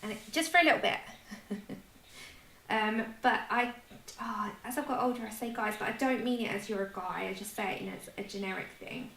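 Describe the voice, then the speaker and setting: A woman's voice: medium pitch, fairly quick, creaky, a bit bright. A woman with a London accent hosts a livestream and chats casually while colouring, laughing at herself often. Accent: London English. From London, England. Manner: chatty, self-deprecating, laughs often. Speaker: livestream host. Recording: echoey room with faint noise.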